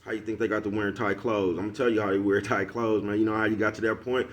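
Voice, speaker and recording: A man's voice: lowish voice, level tone, quick pace. A man talking casually to his followers in a loose street-slang monologue, laughing often and asking "you know what I'm talking about" again and again. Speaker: vlogger.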